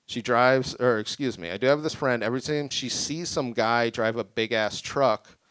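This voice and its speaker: Rambling deadpan young comic, smooth voice. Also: male voice, medium pitch, moderate pace, dry recording. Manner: deadpan, rambling, self-deprecating. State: tipsy from drinking. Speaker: stand-up comic. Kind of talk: stand-up comedy set. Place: small creative community venue with live audience.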